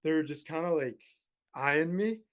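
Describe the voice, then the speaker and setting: A young man telling a story with a slightly high voice. He is animated and swears freely as he tells it. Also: moderate pace. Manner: animated, profane, laughs while telling. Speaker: podcast guest. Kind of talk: casual storytelling.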